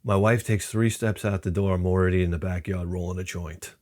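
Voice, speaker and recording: A man's voice: low-pitched, fairly quick. Profane rambling middle-aged man. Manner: profane, animated, acts out quotes in other voices. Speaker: channel host. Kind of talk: rambling comedic storytelling.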